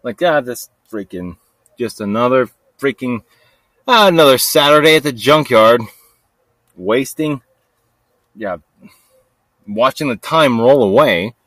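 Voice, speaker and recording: A man's voice: animated, a little slow, pauses often, dry recording. Rambling man muttering his story, dry sound. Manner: rambling, restless, talks to himself with lots of "like" and "freaking"; swings between low mutters and sudden loud outbursts. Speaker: podcast host. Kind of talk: casual storytelling monologue.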